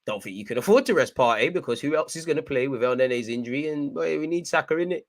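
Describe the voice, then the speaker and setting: A young man commentates live on a football match as a fan, his voice sitting a little high. He is excitable and shouts at the referee and players, urging his side on. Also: quick pace. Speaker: football watchalong host.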